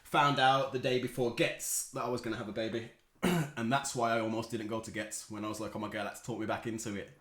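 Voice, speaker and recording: A man's voice: mid-range voice, steady tone, fast talker, a bit bright. A man, co-hosting a casual chat and telling stories in loose slang. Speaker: podcast co-host. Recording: echoey room.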